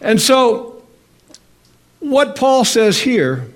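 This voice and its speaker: A pastor delivers his sermon from the pulpit in a high, light voice. He leans into each phrase, slowing right down to stress the words that matter and throwing questions out to the congregation. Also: expressive. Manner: slow emphatic preaching with drawn-out phrases and calls to the congregation.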